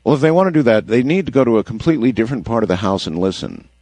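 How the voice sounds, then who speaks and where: A man hosting a late-night radio call-in show, measured and wordy with a wry touch. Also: medium pitch, expressive, darkish tone, no room sound. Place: radio studio.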